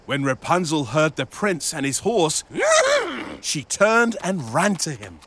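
A man narrating a children's story, animated and speaking to young listeners. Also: a little high, slow, noisy background.

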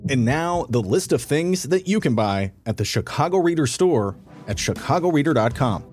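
Male announcer, scripted promo, even mid voice, faint music bed. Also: mid-range voice, moderate pace.

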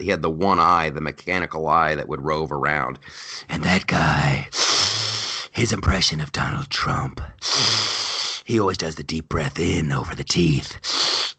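Bright-voiced man, animated mocking chat. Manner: animated, mocking retelling with big pitch jumps. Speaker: podcast host. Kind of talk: casual comedic chat.

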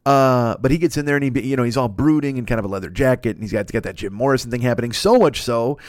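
Man, comedy podcast host, rapid rambling rant, swearing a lot, dry close sound. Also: medium pitch, no room sound. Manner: profane, riffing, mock-ranting with put-on voices. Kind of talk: rambling comic monologue.

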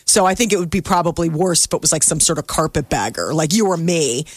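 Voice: medium pitch, quick pace, no echo. A radio morning show co-host chatting casually, explaining at length with many fillers into a studio microphone.

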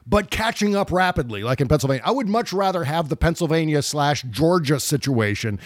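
A man's voice: fairly high pitch, animated, fairly quick, no echo, studio quality. A man co-hosting a podcast, chatting casually and animatedly about politics, sometimes mocking the people he quotes. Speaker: podcast co-host.

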